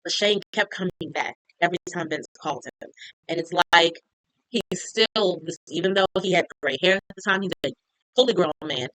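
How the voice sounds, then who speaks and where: A woman's voice: lowish voice, normal speed, fairly bright tone, no echo, low-quality recording. Chatty woman recapping a show. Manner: chatty, retells scenes with lots of "like". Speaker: TV recap reviewer. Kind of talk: casual recap chat.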